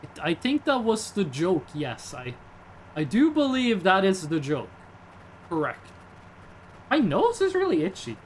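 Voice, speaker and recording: A young man chatting casually while he streams a game, rambling and reading chat aloud. His voice sits high and swings widely in pitch. A faint hum sits behind him. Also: wildly swooping pitch, unhurried, pauses often. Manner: rambling, reads chat aloud, jokey asides.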